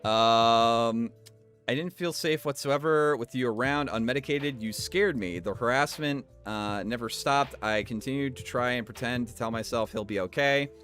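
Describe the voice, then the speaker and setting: A man's voice: mid-range voice, moderate pace, faint music behind. A man streaming, reading a statement aloud and breaking off for wry comments. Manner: reads flatly, breaks off for wry asides.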